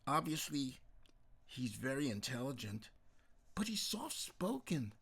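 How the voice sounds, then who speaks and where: A man voicing a fond, gentle middle-aged mother in an audiobook. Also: medium pitch, sing-song, unhurried, creaky, breathy edge, pitched above the performer's own voice, exaggerated voice. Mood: doting. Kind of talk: audiobook character voice.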